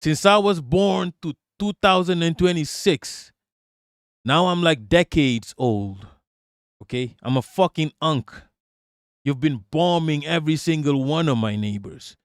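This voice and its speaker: A man rants on a live stream in a raised, fairly high voice, cursing freely and mocking whoever he answers. The sound is close and dry. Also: no room sound. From Malaysia. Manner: profane, mocking, indignant. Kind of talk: live-stream commentary rant.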